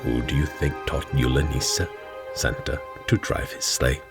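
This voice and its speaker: A towering, mysterious old stranger, voiced by a male reader, speaks slowly and evenly in a cavernous low voice. A strange lilt runs through his words, roughened by gravel. Soft music hums beneath the storybook reading. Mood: calm. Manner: calm, even, with a strange lilt.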